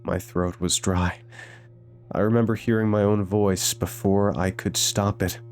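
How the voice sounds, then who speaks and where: A man narrating a scripted horror story with a measured, suspenseful delivery. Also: fairly low pitch, flat delivery, a little mellow, soft background music.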